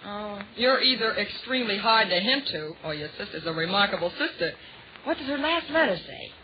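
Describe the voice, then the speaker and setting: A woman in 1940s radio comedy banter, teasing and quick with comebacks in period slang, on a dull old radio recording. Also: medium pitch, lively intonation, crowd noise. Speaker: guest star.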